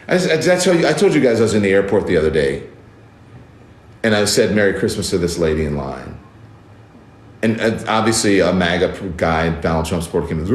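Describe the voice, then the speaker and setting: A man talks straight to his viewers in casual commentary, indignant and emphatic, hammering the same words again and again. His voice sits a little low, and the room around him rings with a noticeable echo. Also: a little hiss or hum. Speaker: news commentator and show host. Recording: roomy echo.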